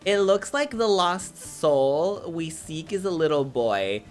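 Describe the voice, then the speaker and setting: A man's voice: a little high, big pitch swings, slow, faint music behind, pitched above the performer's own voice. A man voicing a caring but bossy young female daemon in a game, in a valley girl voice. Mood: scolding.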